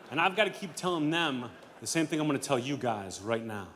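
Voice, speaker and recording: Man, stand-up comedian, deadpan, dry delivery, medium pitch, comedy club stage, handheld mic. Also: a little fast, few pauses, noisy background.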